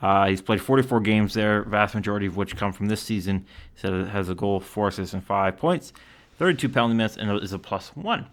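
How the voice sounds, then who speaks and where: A man's voice: lowish voice, brisk. A man from Canada giving casual solo commentary, reading out stats and quotes with lots of fillers. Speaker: hockey commentator.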